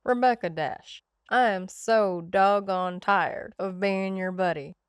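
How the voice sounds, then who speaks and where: A soft-spoken young man, tender and teasing, speaking in low, quiet tones in a storybook romance, read by a woman. His voice comes through clean and smooth, close and dry with no room around it. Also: slow, no room sound, close to an everyday voice.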